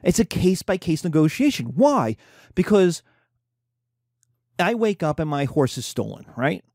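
A man's voice: a little high, unhurried, dry recording, studio quality. A man giving an informal lecture, telling stories and acting out the people in them. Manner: animated storytelling, acting out characters.

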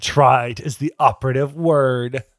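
A man's voice: mid-range voice, fairly even intonation, a little slow, no room sound, studio quality. A man co-hosting a comedy podcast, reading a book aloud with sardonic asides and frequent laughter. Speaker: podcast co-host.

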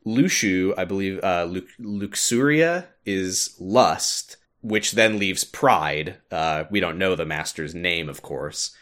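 A man hosting a podcast, recapping a game in an animated storytelling way. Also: low-pitched, takes it slowly, hardly any pauses. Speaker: podcast host.

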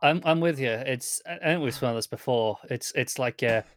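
A man's voice: medium pitch, fairly quick, a little hiss or hum. A man co-hosting a podcast, chatting casually about a TV episode with hesitant restarts. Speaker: podcast co-host. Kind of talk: casual TV recap chat.

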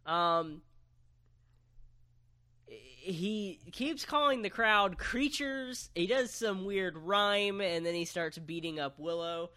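Man, podcast co-host, bright tone, slightly higher voice, casual recap. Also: slow, clean tone, dry recording. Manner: relaxed storytelling with fillers. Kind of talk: casual chat recapping wrestling.

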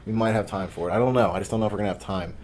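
A man's voice: fairly low pitch, very fast, darkish tone, a little hiss or hum. A man hosting a sports betting podcast in casual chat, brash and joking as he hypes his own picks. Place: studio office.

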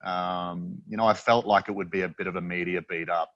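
A man's voice: low voice, steady tone, fairly quick, a bit bright, dry recording, lo-fi sound. A man with an Australian accent, a freediving instructor, chatting casually as an interview guest and rambling through his stories with many fillers and restarts.

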